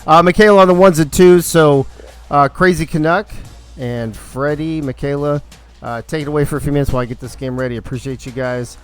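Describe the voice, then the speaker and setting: A man hosting a game league stream, introducing the commentators with excitable banter. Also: a little high, a little fast, smooth, soft background music. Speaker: league host.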